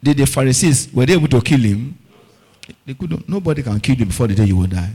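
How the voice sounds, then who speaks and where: A man's voice: mid-range voice, expressive, fast talker, warm tone, breathy edge. A man preaching a fervent sermon, often asking the congregation if they are following and repeating key words for emphasis. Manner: call-and-response questioning of the congregation.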